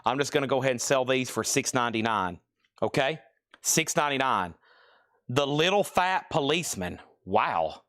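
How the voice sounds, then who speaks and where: A man with a Southern Tennessee accent hosting a live-stream record sale, calling out prices briskly with joking asides. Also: medium pitch, lively intonation, a bit bright, no room sound, studio quality.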